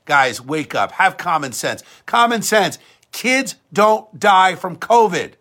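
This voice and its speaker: This host's high, sharp voice moves with lively intonation at a moderate speed as he gives an emphatic, combative talk-radio monologue. When he gets heated, he repeats words and restarts, as a podcast and show host would.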